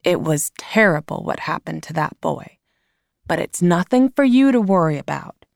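A woman's voice: lowish voice, lively intonation, moderate pace, vocal fry, no echo, clean studio sound. A woman reading aloud, voicing a worried, exasperated middle-aged mother in a storybook. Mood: reassuring.

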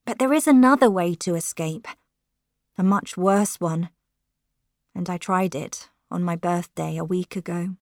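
A woman narrating a first-person novel as an audiobook, in slow, emotive storytelling. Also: on the low side, dry recording, clean studio sound.

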